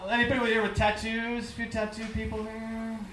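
A man's voice: high-pitched, completely flat delivery, brisk. A man doing a stand-up set with dry, self-mocking crowd work. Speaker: stand-up comedian. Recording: echoey club, distant mic, loud noise.

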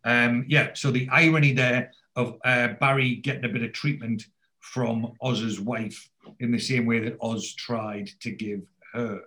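A man's voice: medium pitch, steady tone, a little slow, pushed and bright. Chatty man retelling a story. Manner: chatty storyteller, drops into quoted lines, many fillers. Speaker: podcast co-host recapping a TV episode. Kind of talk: casual chat, retelling scenes with quoted dialogue.

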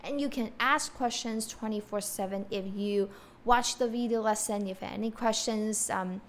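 A woman's voice: medium pitch, a little hiss or hum. A woman with a Mandarin Chinese accent and Mandarin as her first language, teaching a podcast language lesson, saying phrases and explaining them patiently. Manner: explains slowly, repeating Chinese phrases and glossing them in English. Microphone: podcast microphone.

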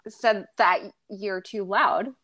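A young woman guest talks casually on a podcast, readily agreeing and telling her own similar stories. Her voice sits at a middle pitch for a woman. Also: slow, bright, forceful tone. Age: young adult. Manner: agreeable, chatty, relating her own experience. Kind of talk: casual chat.

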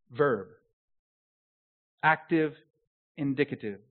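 A pastor preaches, shifting between quiet, intimate phrases and loud, drawn-out declarations. His voice sits fairly high for a man. The recording is narrow and tinny, like a phone line. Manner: swells to loud emphatic proclamation, drops to soft intimacy. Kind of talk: sermon.

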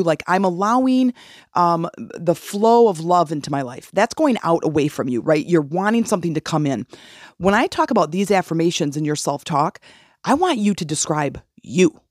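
A woman's voice: on the low side, darkish tone, no room sound, clean studio sound. A woman hosting a solo podcast, coaching listeners in an earnest, questioning way about how they talk to themselves. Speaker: podcast host.

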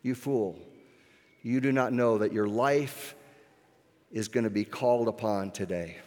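A man's voice: lowish voice, unhurried, darkish tone, natural voice. A man voicing a stern divine rebuke. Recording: echoey hall with long reverb.

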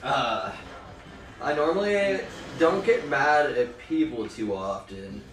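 A man's voice: medium pitch, expressive, takes it slowly, a bit bright, reverberant, distant mic, low-quality recording. A man co-hosting a casual podcast, rambling and swearing as he chats and laughs easily. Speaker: podcast co-host. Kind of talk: casual drunk podcast chat.

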